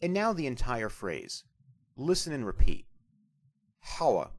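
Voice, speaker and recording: Man, language teacher, scripted narration, deliberate, slow spelling-out of sounds, expressive pitch. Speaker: language instructor.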